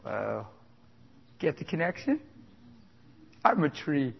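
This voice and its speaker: A man's voice: a little high, sing-song, takes it slowly, gravelly, noisy background. A man preaching a sermon with exuberant, emphatic delivery, chuckling between points. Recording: dull lo-fi sound with long hall reverb.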